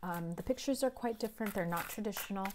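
A hoarse woman still getting over an illness gives a casual, chatty tarot reading at a fast clip in a medium-pitched voice. She often slips into a breathy half-whisper and keeps clearing her throat, with background noise behind her.

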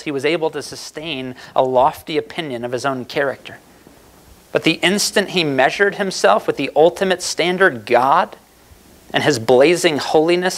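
A man preaching a sermon as pastor, earnest and emphatic, asking the congregation rhetorical questions. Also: on the high side.

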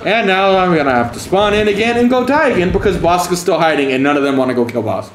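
A man's voice: animated, fast, roomy sound, a little hiss or hum. Sarcastic, profane man streaming a game. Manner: sarcastic, taunting, mock-scared high calls. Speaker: gaming streamer. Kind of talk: profane gameplay commentary.

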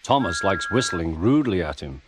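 Brief: male storybook narrator, expressive delivery, music bed underneath. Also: sits low, moderate pace.

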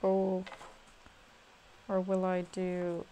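A woman with an Irish accent, playing a tabletop game on a live stream and chatting in a relaxed way. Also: fairly low pitch, extremely slow, slight background noise. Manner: relaxed and chatty, often laughing. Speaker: player. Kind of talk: casual chat while playing a tabletop game.

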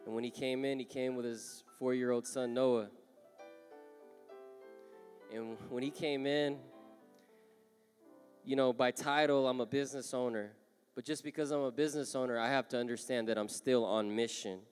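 A man preaching a sermon, moving from soft-spoken storytelling to loud, impassioned calls. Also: mid-range voice, fairly even intonation, moderate pace, pauses often. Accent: Southern Californian. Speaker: pastor. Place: large church hall. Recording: long hall reverb, live church. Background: music playing.

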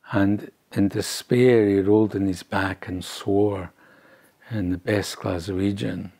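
An older man from Scotland telling a family story in an oral history interview, halting and rambling with frequent restarts. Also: lowish voice, darkish tone.

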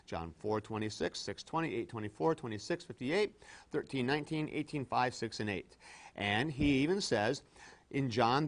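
A man giving a classroom theology lecture, animated and emphatic, swinging between loud stresses and quiet asides and acting out imagined objections. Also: medium pitch. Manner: conversational, acts out imagined objections. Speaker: theology professor.

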